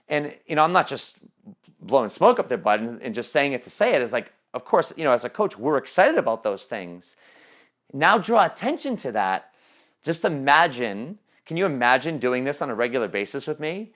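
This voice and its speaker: A man's voice: medium pitch, very animated, moderate pace, fairly bright tone. A man leading a training call on coaching sales, talking casually with many fillers and restarts. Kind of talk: teleconference training talk.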